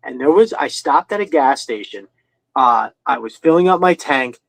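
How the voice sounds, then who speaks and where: A man's voice: mid-range voice, lively intonation, moderate pace, vocal fry, a bit bright, no room sound, poor audio. A man from New York with a New York accent, hosting a podcast and telling long, rambling stories in casual chat, swearing freely. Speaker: podcast host.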